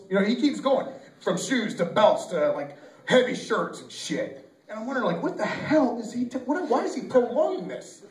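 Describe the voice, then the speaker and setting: A young amateur comedian tells a loose, rambling joke, stumbling and correcting himself as he goes. His voice sits high for a man and sounds distant and roomy, as if taped by a camcorder across a small club. An audience laughs faintly behind him. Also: very animated, moderate pace. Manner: rambling, loose and self-correcting, with lots of fillers. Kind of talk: stand-up routine at an open mic. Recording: echoey room taped from far off on a camcorder.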